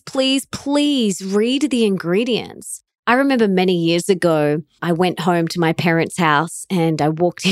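A woman's voice: on the low side, dry recording, clean studio sound. A woman hosting a podcast, talking earnestly and encouraging listeners, sharing stories in a conversational way. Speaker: podcast host.

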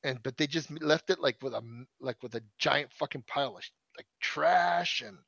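A man's voice: mid-range voice, moderate pace, vocal fry, a bit bright, no echo, muffled recording. A man in his thirties telling a long story in casual chat, swearing often and restarting his sentences. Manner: profane, rambling storyteller with many restarts.

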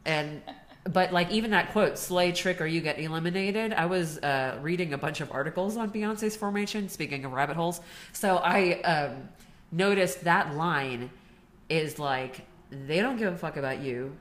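A woman's voice: low voice, moderate pace. A woman co-hosting a podcast, talking casually and animatedly about self-care and TV shows. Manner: chatty, animated storytelling with laughs. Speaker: podcast co-host. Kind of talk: casual chat.

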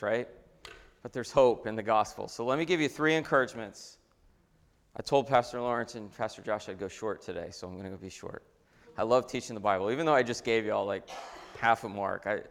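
Animated preacher in a reverberant sanctuary. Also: male voice, mid-range voice. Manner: conversational, animated preaching with restarts. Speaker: pastor. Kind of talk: sermon. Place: church sanctuary. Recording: long hall reverb.

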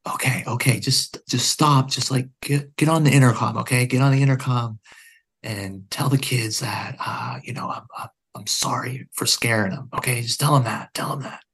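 A man voicing an agitated armed man who barks clipped, repeated commands in a gravelly voice. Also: mid-range voice, steady tone, moderate pace, fairly bright tone. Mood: pleading.

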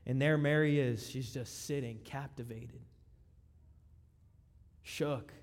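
A youth pastor preaching a sermon with passion, swinging between hushed tones and soaring appeals. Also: male voice, medium pitch, steady tone, slow. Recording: long hall reverb.

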